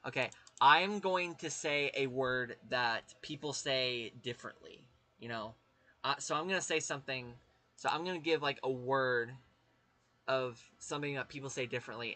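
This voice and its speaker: A man's voice: mid-range voice, bright, forceful tone. A man with a Southern US accent, chatting casually with his live-stream viewers, rambling and swearing as he talks to chat.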